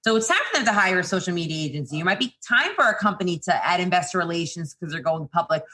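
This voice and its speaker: A middle-aged woman with a low, deep voice talks through her working life as a podcast guest. She speaks in a quick, chatty way, full of fillers, restarts and asides. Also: animated, sharp tone. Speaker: PR agency founder, guest. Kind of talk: casual interview talk.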